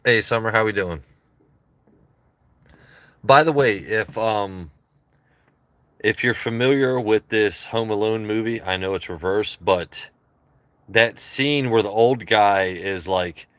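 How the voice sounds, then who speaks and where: A man with a lowish voice chats casually on his own livestream, joking and wandering from topic to topic as he talks to chat. The sound is close and dry, with no room around it. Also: slow, pauses often, a bit bright, no room sound. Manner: loose, joking, rambling asides to chat. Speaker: livestream host.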